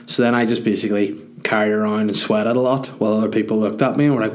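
A Northern Irish man in his thirties talks alone into the mic from his dining room as a podcast host. His voice sits a bit low. He rambles through tangents with self-mocking, sweary jokes. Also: fairly even intonation, rapid-fire, hardly any pauses. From Northern Ireland. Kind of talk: solo casual podcast monologue.

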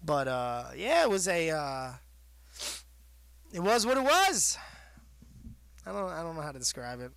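Bright, jokey New host. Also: male voice, a little high, very animated, measured pace, creaky, pauses often, clear, resonant tone, no room sound. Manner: rambling, jokey, laughs a lot. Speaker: radio show host. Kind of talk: casual chat.

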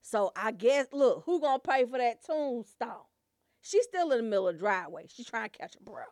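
A high-pitched, wildly swooping woman rants through a comedy routine, loud and profane and laughing at her own jokes. The recording is close and dry. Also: fairly quick, no echo. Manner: loud, animated, swearing freely, laughing often.

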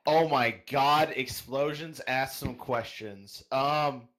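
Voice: mid-range voice, takes it slowly, fairly bright tone. A podcast host casually reading out listener questions in an upbeat way.

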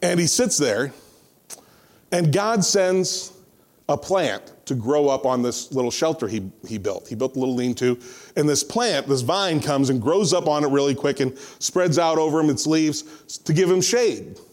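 Animated male preacher telling a story. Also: fairly high pitch, moderate pace. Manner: animated storytelling, acts out voices. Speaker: pastor. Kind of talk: sermon.

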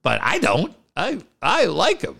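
A man's voice: measured pace, gravelly, husky. A man co-hosting a podcast, chatting casually and profanely, often mimicking people. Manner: animated, profane, mimics people with big pitch jumps. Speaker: podcast co-host.

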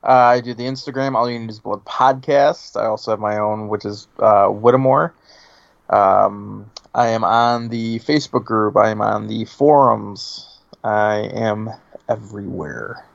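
A man co-hosting a podcast in casual chat, deadpan and blunt with some swearing. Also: fairly low pitch, a little slow, gravelly, dry recording, lo-fi sound. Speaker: podcast co-host.

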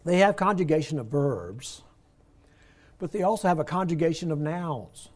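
A man's voice: a little high, lively intonation. Older man teaching a Bible class. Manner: conversational, explains words slowly with emphasis. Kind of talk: Bible study lesson.

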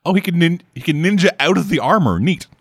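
Man, lively pitch, dry close mic, casual swearing movie chat. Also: breathy edge, dry recording. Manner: swearing, animated, quick asides. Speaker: co-host watching a movie.

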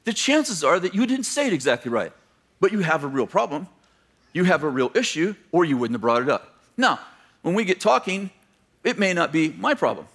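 A male pastor preaching to his church, with a voice pitched a little high for a man. He tells stories and acts out the people in them, dropping in joking asides along the way. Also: big pitch swings, brisk, a bit bright. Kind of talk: sermon.

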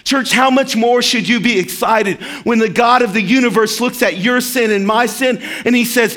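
A man preaching a sermon as pastor, animated and acting out quoted voices. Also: very high voice, moderate pace, hardly any pauses.

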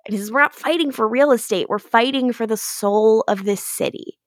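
A woman's voice: on the high side, a little fast, dry recording, clean studio sound. A woman co-hosting a podcast, casually recapping an episode and acting out lines, swearing now and then. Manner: animated retelling with quoted lines and swearing. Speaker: podcast co-host.

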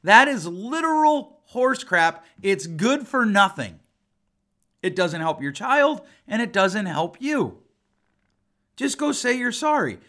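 Bright-voiced, blunt male therapist. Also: high-pitched, big pitch swings, slow. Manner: emphatic, blunt and conversational. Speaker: family therapist and podcast host. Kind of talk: casual podcast talk.

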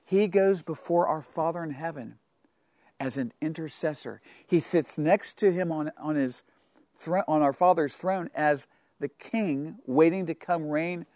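A middle-aged man preaching a radio sermon, reading scripture aloud and exhorting his listeners in an earnest way, moving from loud declarations to hushed asides. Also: on the high side, dry recording. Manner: dynamic, swings from loud to hushed. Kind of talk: radio sermon and Bible teaching.

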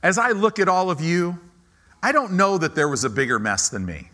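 A male pastor preaching a sermon, telling a personal story, swinging between loud emphatic bursts and quiet asides. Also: sits high, lively intonation, normal speed. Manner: preacher's repeated emphatic contrasts.

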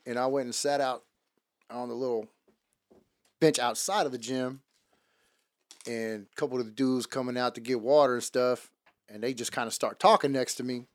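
A man co-hosting a casual faith talk, telling a story in a relaxed, laughing way and acting out the voices of the people in it. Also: medium pitch, moderate pace, pauses often. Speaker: podcast co-host.

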